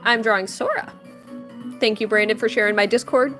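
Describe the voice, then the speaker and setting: A woman's voice: fairly high pitch, steady tone, fairly quick, pushed and bright, soft background music. A young woman chatting playfully with viewers as she draws on a live stream, answering questions and teasing her chat. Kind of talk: casual live-stream chat while drawing.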